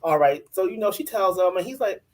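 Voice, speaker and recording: A woman's voice: mid-range voice, expressive, brisk. A woman co-hosting a casual reality TV recap, ranting bluntly and in exasperation, and putting on mock voices for the people she talks about. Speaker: co-host of a reality TV recap show. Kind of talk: casual chat.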